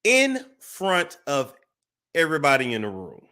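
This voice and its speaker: A man hosts a casual celebrity gossip show. His somewhat high voice swings widely in pitch as he builds the story with pauses and restarts. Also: huge pitch swings, sharp tone.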